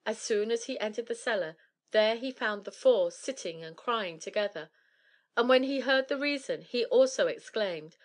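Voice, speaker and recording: A woman narrating an old fairy tale in a steady, measured reading voice. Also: fairly high pitch. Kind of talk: storybook reading.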